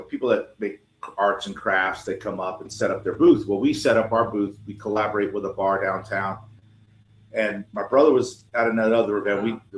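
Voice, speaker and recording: Brief: low-voiced male guest, cigar business owner, animated storyteller, roomy echo on the voice. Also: slight background noise. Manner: animated, acts out dialogue in his stories. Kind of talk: casual storytelling.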